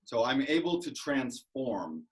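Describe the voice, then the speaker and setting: Mock-grand comedian on a video call. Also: male voice, mid-range voice, big pitch swings, a little slow, rough recording. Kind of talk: stand-up set over video call.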